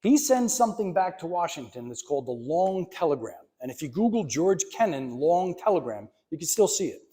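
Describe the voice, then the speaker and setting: Male lecturer in his fifties, fairly high voice, conversational and emphatic with wry asides, library talk. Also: very animated, brisk, dark tone. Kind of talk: public history lecture. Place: library meeting room.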